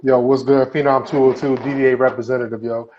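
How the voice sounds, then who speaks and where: A man's voice: medium pitch, level tone, fast talker, a little hiss or hum. A man on a podcast who tells rambling, laid-back stories in a casual chat. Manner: rambling storytelling with fillers and restarts. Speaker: podcast co-host. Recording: dull lo-fi recording.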